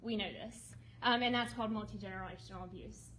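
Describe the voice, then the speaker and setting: A woman presenting a ministry project to an audience, lively and emotional, prompting listeners to respond. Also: medium pitch, quick pace, a little hiss or hum, rough recording. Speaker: ministry speaker presenting a women's home. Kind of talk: talk to a seated audience with slides. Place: meeting room with tables.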